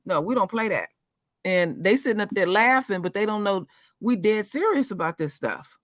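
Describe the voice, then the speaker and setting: A man's voice: sits high, lively intonation, moderate pace, fairly bright tone, no echo, studio quality. A man co-hosting a talk show, chatting casually and emphatically, often repeating words as he talks. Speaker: radio show co-host. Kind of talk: casual chat.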